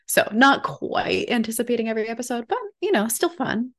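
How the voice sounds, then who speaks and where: A woman's voice: medium pitch, fairly quick, hardly any pauses. A young woman co-hosting a podcast, chatting casually in an upbeat way with frequent laughs. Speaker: podcast co-host. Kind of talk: casual chat.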